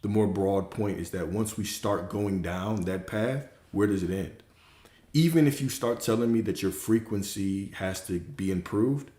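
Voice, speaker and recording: A man's voice: lowish voice, warm tone. A man who works as a spiritual coach, giving a casual, emphatic livestream talk that repeats its points and swears freely. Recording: roomy echo.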